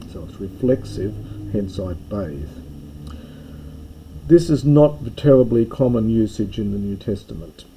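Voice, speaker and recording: A man's voice: lowish voice, moderate pace, noisy background. A man giving a recorded grammar lesson, explaining step by step with small self-corrections. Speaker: Greek teacher.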